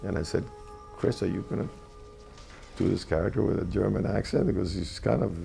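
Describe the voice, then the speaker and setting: Man, very deep voice, heavy vocal fry, reflective halting interview storytelling. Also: dark tone, soft background music. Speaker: actor being interviewed. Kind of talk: anecdotal interview.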